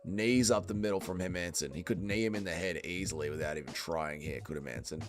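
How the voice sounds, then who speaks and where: A man's voice: deep voice, brisk. A man hosting a fight watch-along stream, swearing a lot and bantering with his chat. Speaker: livestream host.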